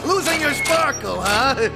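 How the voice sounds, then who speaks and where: A man's voice: extremely high pitch, vocal fry, full character voice. An actor voicing an unhinged, menacing male diesel engine villain in a family film, with a New Jersey accent and a taunting, cackling delivery.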